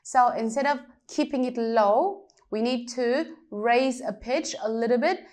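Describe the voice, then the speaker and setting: Female language teacher, slow and patient, slightly high voice. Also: darkish tone. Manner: patient, explains step by step with examples. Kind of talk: slow pronunciation lesson.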